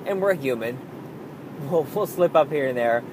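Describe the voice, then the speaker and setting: A man's voice: on the high side, lively intonation, normal speed, darkish tone, a little hiss or hum, low-quality recording. A young man talking candidly about being a parent, swearing freely and acting out his own frustrated outbursts. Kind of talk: casual monologue.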